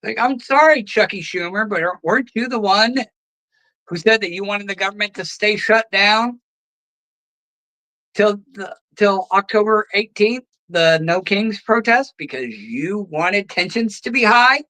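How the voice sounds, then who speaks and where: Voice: mid-range voice, unhurried, pushed and bright, low-quality recording. A host ranting about politics, heated and profane, firing off sarcastic rhetorical questions.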